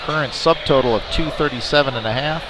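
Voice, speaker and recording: Speaking fast in a mid-range voice, this man provides live commentary at an indoor powerlifting competition, calling lifts and cracking chatty jokes between attempts. Noisy arena sound fills the recording.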